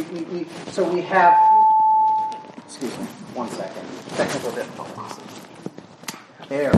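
Animated woman preaching in an echoey church. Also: fairly low pitch, a little hiss or hum. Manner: animated, acts out crowd chatter and scripture. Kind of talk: sermon. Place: church sanctuary. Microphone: handheld or stand mic.

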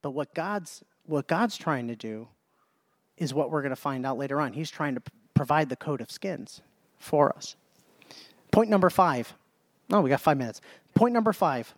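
A man's voice: on the high side, lively intonation, moderate pace, dry recording. Emphatic preacher man, dry sound. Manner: emphatic, repeats phrases, stops and restarts. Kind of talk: sermon Bible study.

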